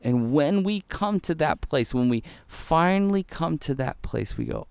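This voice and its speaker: A man preaching a devotional sermon in an earnest way, repeating phrases for emphasis and dropping to a hushed voice when quoting prayer. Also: on the high side, lively intonation, unhurried, hardly any pauses, clear, resonant tone, dry recording. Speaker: pastor.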